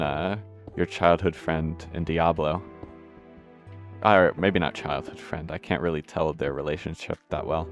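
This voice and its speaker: Deep-voiced guy chatting while he plays, swears a lot, bit of music in the back. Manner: rambling, profane, self-deprecating. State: out of breath. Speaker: gameplay streamer. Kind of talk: casual gameplay commentary.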